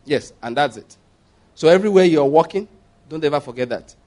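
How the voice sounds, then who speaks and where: Brief: middle-aged Nigerian pastor, fairly high voice, conversational lively sermon. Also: male voice, brisk. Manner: lively, chatty preaching with laughs and asides. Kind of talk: sermon at a Bible study.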